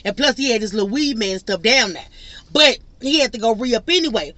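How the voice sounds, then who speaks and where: Young female vlogger, lively storyteller, bright and forceful tone, casual chat. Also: a little high, a little fast, no room sound. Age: young adult. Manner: animated, laughing storyteller. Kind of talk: storytime vlog.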